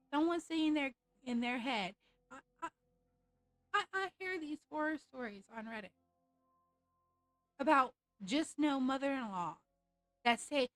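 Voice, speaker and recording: A woman's voice: a little high, expressive, a little slow, no echo, rough recording. A woman streamer ranting in a casual, blunt and profane way over a live game stream.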